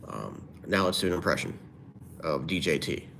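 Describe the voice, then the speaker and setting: A man's voice: low voice, expressive, moderate pace, vocal fry, fairly bright tone, slight background noise. A man livestreaming, reading viewers' comments aloud and answering them in a rambling, offhand way. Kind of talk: casual livestream chat.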